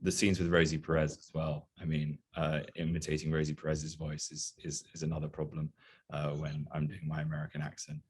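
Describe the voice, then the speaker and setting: A man's voice: rumbling low, completely flat delivery, brisk, slightly rough. A man with an English accent, an actor answering questions in a casual press interview and telling funny, self-mocking stories. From England. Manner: storytelling, self-mocking humor.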